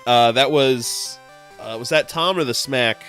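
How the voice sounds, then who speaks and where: A man from New England chatting casually while hosting a live game stream, laid-back and quick to chuckle. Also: mid-range voice, a bit bright, soft background music. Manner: laid-back, chuckles often, hesitant fillers. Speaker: streamer host playing a game.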